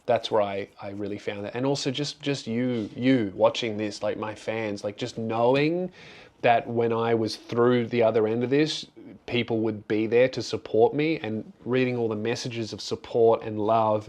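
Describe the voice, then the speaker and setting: A man's voice: fairly low pitch, steady tone, measured pace, darkish tone. A young adult man, a comedian hosting his own channel, answers questions in a casual, candid way. He sounds earnest and grateful and rambles with frequent restarts.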